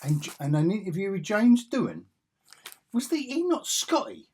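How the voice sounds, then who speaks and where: A man's voice: sits high, sing-song, moderate pace, a little mellow, breathy edge. A man, musing aloud in a rambling, casual way as he looks through old comic magazines. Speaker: comic collector vlogger. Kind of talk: casual chat while flipping through magazines.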